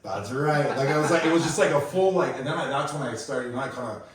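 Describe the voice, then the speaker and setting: This man, a Kauai pro surfer, talks fast in a slightly high voice as he tells stories on a casual podcast. His speech is slangy, relaxed, and packed with fillers, recorded in an echoey room with a distant mic.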